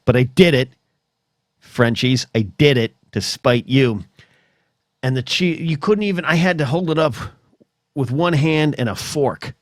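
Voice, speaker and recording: A man's voice: mid-range voice, no echo. American man, podcast host, rambling rant, stammering restarts, dry close sound. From United States. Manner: animated, swears, restarts and stammers, mock voices.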